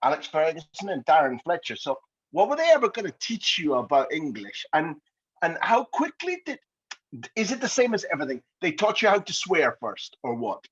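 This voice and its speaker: A man's voice: a little high, big pitch swings, normal speed, fairly bright tone, breathy edge, dull audio. A Scottish man hosting a podcast interview, asking questions in a playful, jokey way. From Scotland.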